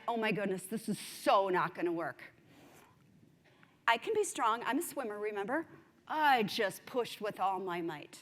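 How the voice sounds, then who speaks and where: A woman giving a conference speech, telling a story in an animated, self-mocking way. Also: fairly high pitch. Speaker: conference speaker. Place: large conference hall. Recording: long hall reverb.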